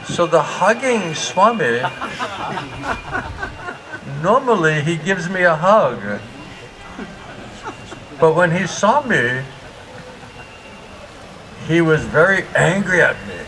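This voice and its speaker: Man, morning class lecture, very slow pace, humorous anecdotes, laughter, background hum. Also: fairly high pitch. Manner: slow storytelling with frequent laughter. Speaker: spiritual teacher giving a morning class. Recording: steady background noise.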